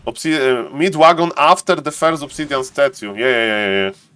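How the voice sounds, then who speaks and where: A young man streaming and commenting on a strategy game replay, excitable, talking to chat in non-native English and tripping over words. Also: medium pitch, normal speed, clean tone. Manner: excitable, talks to chat, keeps saying "ladies and gentlemen".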